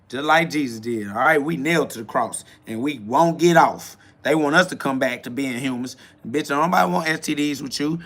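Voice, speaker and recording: A man's voice: a little high, fairly bright tone. A man hosting a spiritual self-talk podcast, preaching in a profane, mocking street style. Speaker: podcast host. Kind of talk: motivational spiritual monologue.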